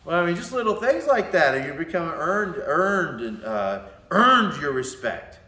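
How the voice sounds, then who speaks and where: A male martial arts instructor talking to his students, a lively storyteller who acts out voices and laughs often. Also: on the high side, measured pace. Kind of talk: talk to students. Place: indoor training room. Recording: echoey room.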